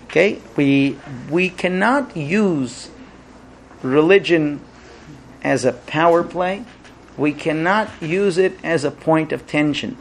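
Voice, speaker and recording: A man teaching a religious class to a live audience, telling stories and acting out the characters with big jumps in his voice. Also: slight background noise. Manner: animated storyteller, acts out characters with big pitch jumps. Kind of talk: Torah class with told stories.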